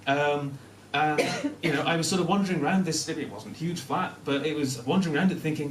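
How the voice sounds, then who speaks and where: A young man from Newcastle with a softened Northern English accent, telling a self-deprecating personal story to a live audience, often laughing as he talks. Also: a little high, fairly quick, hardly any pauses, a little hiss or hum. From Newcastle, North of England. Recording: echoey room, mic at a distance.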